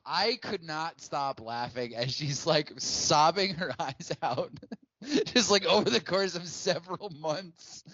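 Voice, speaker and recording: A man's voice: fairly high pitch, takes it slowly, a bit bright, no echo, lo-fi sound. A man co-hosting a podcast, laughing and amused as he talks about films. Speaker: podcast co-host. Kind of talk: casual film discussion.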